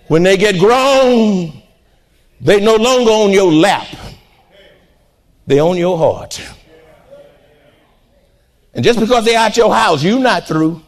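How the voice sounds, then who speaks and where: A very high-voiced older man preaching a fervent sermon in church. His pitch swings widely as he moves from quiet, intimate asides to shouted peaks, and he trades call-and-response with the congregation. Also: animated, slow pace, long pauses. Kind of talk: impassioned sermon.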